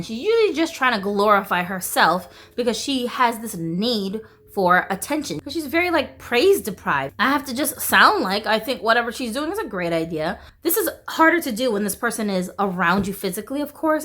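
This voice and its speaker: A woman's voice: on the high side, a bit bright. A woman vlogger in casual chat, candid and rambling, peppering her talk with "like" and swearing freely.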